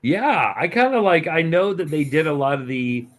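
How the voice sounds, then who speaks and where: A man hosting a podcast, chatting in a relaxed, conversational way with a guest. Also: fairly high pitch, normal speed. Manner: relaxed and conversational, with frequent fillers. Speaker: podcast host. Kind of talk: casual chat.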